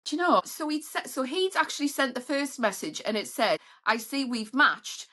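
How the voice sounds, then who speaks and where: Cheeky, bright-voiced woman. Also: very animated, fairly quick. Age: middle-aged. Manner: cheeky storyteller, acts out quotes in high voices. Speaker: panel member. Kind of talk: casual group chat.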